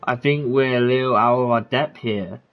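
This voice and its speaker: A man's voice: medium pitch, normal speed, lo-fi sound. A man streaming a game and commenting on it in a casual, rambling way, full of fillers and restarts. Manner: rambling, filler-heavy chatter. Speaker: gaming streamer.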